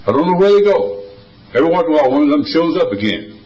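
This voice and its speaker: A man's voice: a little high, very animated, quick pace, a little mellow, echoey room, far from the mic, lo-fi sound. An older man speaking at a recovery meeting, telling stories in a folksy, wisecracking way. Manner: folksy, wisecracking, drawling storyteller. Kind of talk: storytelling talk at a recovery meeting.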